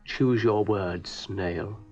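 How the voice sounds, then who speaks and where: A grumpy, vain shaggy dog from a 1970s children's show, voiced by a man. He drawls everything slowly and lugubriously, and the archive recording sounds dull and lo-fi. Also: lowish voice, darkish tone, soft background music. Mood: haughty.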